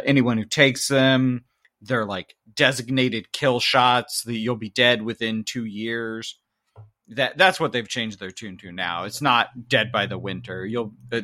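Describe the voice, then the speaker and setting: A man's voice: medium pitch, bright, forceful tone. A man rambling in an amused way in casual podcast chat. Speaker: podcast co-host.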